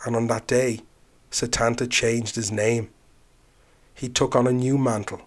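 A male storyteller telling an old legend aloud with measured, dramatic delivery. He slows down to stress key moments, in a medium-pitched voice. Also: steady tone. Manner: measured, dramatic, slowing for emphasis. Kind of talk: oral storytelling.

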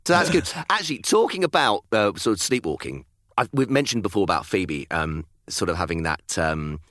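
British dad co-host, 30s, animated storyteller, dry sound. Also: male voice, low voice, fairly quick, dry recording. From United Kingdom. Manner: chatty, acts out quotes of his kids, laughs often. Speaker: podcast co-host. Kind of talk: casual chat.

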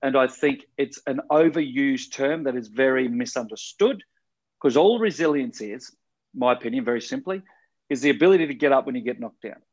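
A man talks through life values in a relaxed podcast conversation, earnest and frank, with the odd swear word. His voice sits mid-range and the recording sounds a little dull and lo-fi. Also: medium pitch, brisk. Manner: earnest, rambling, swears casually. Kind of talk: casual podcast chat.

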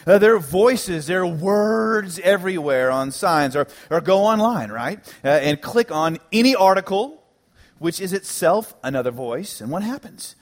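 Pastor, man, higher voice, preaching with lively humor and punchy repeats. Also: measured pace. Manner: animated, joking preacher with emphatic repetitions. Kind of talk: sermon. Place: church sanctuary.

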